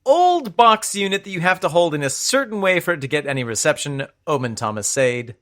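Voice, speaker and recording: A man's voice: on the high side, very animated, a little fast, a bit bright. A man co-hosting a podcast in casual comedic chat, tossing in jokey, riffing asides. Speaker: podcast co-host.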